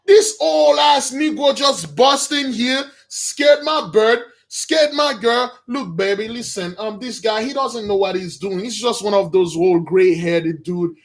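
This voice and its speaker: A man's voice: high voice, unhurried, vocal fry, few pauses, full character voice. A man voicing a lazy, pleasure-loving young king who talks in a dismissive, slangy drawl. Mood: annoyed.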